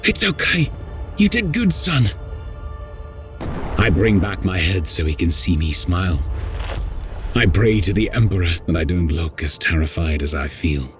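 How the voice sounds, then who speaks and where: A man's voice: deep voice, normal speed, music in the background. A man narrating a grim first-person war story in a grave, intense voice.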